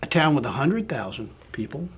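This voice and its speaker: A man being interviewed, walking through a long hypothetical scenario in a relaxed, storytelling way and often checking in with "right?". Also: mid-range voice, fairly quick, slightly rough. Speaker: interviewee, business founder.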